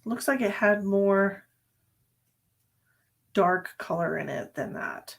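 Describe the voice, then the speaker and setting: A woman's voice: mid-range voice, expressive, takes it slowly, gravelly. A woman psychic medium giving a live-streamed reading, chatty and sleepy, thinking aloud with many fillers. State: sleepy, yawning.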